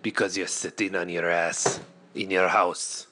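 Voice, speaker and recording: A man delivering an absurdist comic monologue in a deadpan way, asking rambling rhetorical questions. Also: low voice, unhurried, noisy background. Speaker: comedian.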